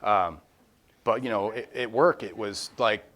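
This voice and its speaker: A man's voice: lowish voice, a little slow, fairly bright tone. A man leading an informal Bible study with a group, talking candidly and animatedly and acting out quoted voices. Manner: candid and self-deprecating.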